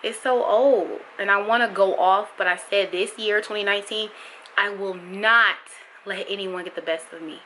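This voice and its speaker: Bright-voiced young mother venting on camera. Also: mid-range voice, steady tone, fairly quick, hardly any pauses, a little hiss or hum, low-quality recording. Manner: emotional, heartfelt, frank. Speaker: vlogger, mother. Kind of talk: candid vlog monologue.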